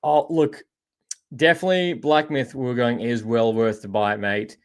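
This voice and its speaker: A man's voice: mid-range voice, steady tone, moderate pace, clean tone. An Australian man hosting a live podcast, rambling casually about shows and games and answering viewer comments, often calling people mate. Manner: rambling, chatty, says "mate" a lot. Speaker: podcast host.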